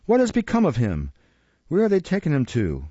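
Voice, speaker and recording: A man's voice: mid-range voice, huge pitch swings, normal speed, a little mellow, slightly rough, dry recording. A man reading aloud voices a theatrical young woman in melodramatic, wailing pleas, in a dull lo-fi recording. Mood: pleading.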